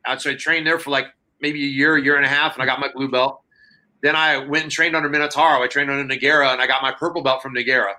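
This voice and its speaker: Bright-voiced man telling rambling stories. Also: medium pitch, fairly even intonation, quick pace. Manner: rambling, many fillers, acts out dialogue. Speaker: podcast guest. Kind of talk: casual storytelling.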